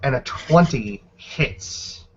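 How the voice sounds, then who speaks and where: A man running a tabletop game as game master, describing the scene in a measured way. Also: medium pitch, animated, husky. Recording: dull lo-fi recording.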